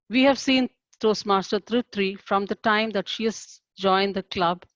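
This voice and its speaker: A woman's voice: mid-range voice, no room sound. Lady evaluating a speech, encouraging and formal, dull lo-fi call sound, dry. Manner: measured, formal and encouraging feedback.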